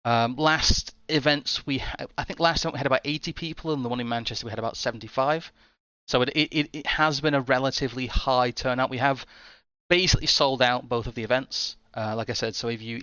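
A male host with a bright, crisp voice, talking in a chatty, rambling way. The sound is dry but somewhat dull and muffled, as if through a modest mic. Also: mid-range voice, steady tone, fairly quick, no echo. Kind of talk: casual interview hosting.

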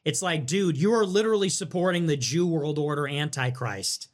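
Chatting on his livestream, a man responds to donations with sarcastic, provocative jokes and lots of animation. He speaks at a normal speed in a voice on the high side.

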